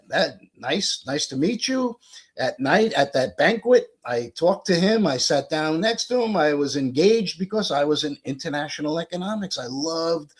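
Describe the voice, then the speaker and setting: Older american guy telling a long story, bit husky, acts out all the voices. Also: fairly high pitch. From United States. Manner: animated, acts out quoted dialogue. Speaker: guest. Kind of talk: casual storytelling.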